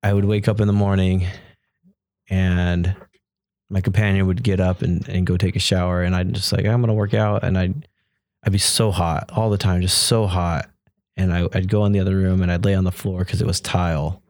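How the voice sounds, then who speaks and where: A man's voice: low-pitched, moderate pace, dry recording, studio quality. Man telling a story, acting out dialogue. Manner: animated, acts out quoted dialogue. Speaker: podcast guest. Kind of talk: casual storytelling in an interview.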